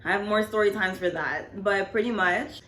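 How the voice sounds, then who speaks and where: A woman's voice: medium pitch, moderate pace, bright, forceful tone. Rambling woman vlogger in echoey room. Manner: rambling, fillers like "like, you know". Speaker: storytime vlogger. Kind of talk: casual storytelling.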